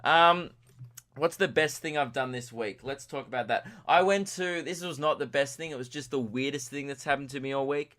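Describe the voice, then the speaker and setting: A man's voice: medium pitch, normal speed, fairly bright tone. A young man hosting a solo comedy podcast, tired from lack of sleep, rambling through self-deprecating tangents. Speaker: podcast host.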